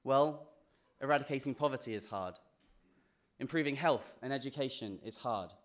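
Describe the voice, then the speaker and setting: Young man, British accent, graduation speech, earnest, self-deprecating humor, restarts, mid-pitched voice. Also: normal speed. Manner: restarts and repeats words. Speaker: graduating student speaker. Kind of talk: class day speech.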